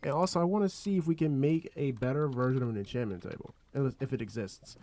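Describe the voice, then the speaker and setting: A man talks through his gameplay in a loose, rambling way, thinking aloud and stopping to restart his sentences. His voice sits at an ordinary middle pitch. Faint keyboard clicks and typing tick along behind him. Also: quick pace, mellow, a little hiss or hum. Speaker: gaming channel host.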